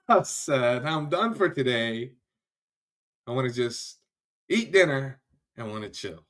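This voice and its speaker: A man's voice: medium pitch, sing-song, a little slow, a bit bright. A man hosting a casual livestream, greeting viewers by name in a loose, chatty way and often trailing off. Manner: laughs easily, trails off and restarts. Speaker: livestream host. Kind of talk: casual live-stream chat.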